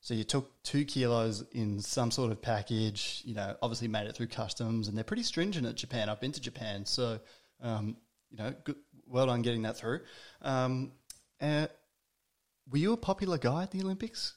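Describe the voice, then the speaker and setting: Chatty podcast host. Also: male voice, medium pitch, normal speed. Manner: chatty, teasing, stumbling restarts. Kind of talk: casual interview chat.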